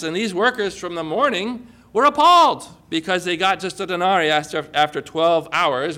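A man preaching a sermon with an animated delivery, full of rhetorical questions and dramatic emphasis. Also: fairly high pitch.

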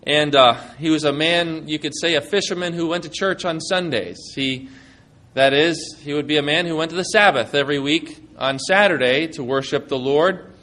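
A male preacher delivers a sermon in a relaxed, conversational way. He talks in plain, folksy terms, and his voice sits a little higher than most men's. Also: moderate pace.

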